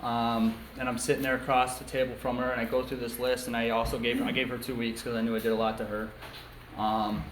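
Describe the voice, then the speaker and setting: A man's voice: mid-range voice, little pitch movement, fairly quick, fairly bright tone. A young man giving a candid personal testimony at a recovery meeting, telling his story with lots of ums and likes. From upstate New York. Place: meeting room. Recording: echoey room with faint hiss.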